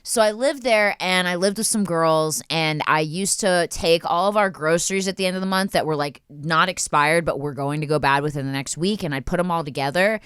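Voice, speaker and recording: A woman in her thirties hosting a podcast, telling stories in an animated, casual way and swearing freely. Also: on the low side, a little fast, hardly any pauses, clean tone, no echo, clean studio sound. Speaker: podcast host.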